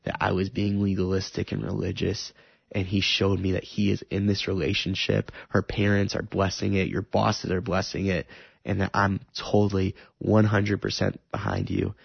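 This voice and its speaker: A man's voice: low-pitched, level tone, normal speed, vocal fry, slightly rough, no echo, muffled recording. A man sharing an earnest, emotional personal testimony about faith and love.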